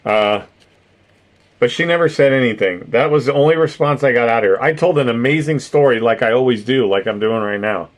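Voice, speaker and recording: A middle-aged man with a mid-range voice talks fairly quickly while hosting a live stream and reading chat. He chats casually with viewers, rambling, swearing and laughing often.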